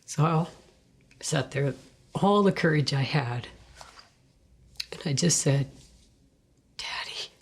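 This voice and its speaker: Soft-spoken, low-voiced woman telling her story. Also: expressive, a little slow, long pauses, slightly rough. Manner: soft and earnest, drops to hushed whispers. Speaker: guest sharing a testimony. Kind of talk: personal faith testimony.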